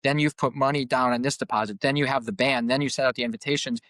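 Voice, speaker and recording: A man's voice: medium pitch, steady tone, quick pace, a bit bright, no room sound. A man speaks as a coach in a reflective podcast conversation. He is earnest and often repeats a word while he finds his thought. His voice sits in the middle range and sounds dry and close to the mic. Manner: earnest, repeats words as he searches for them. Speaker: coach and group facilitator.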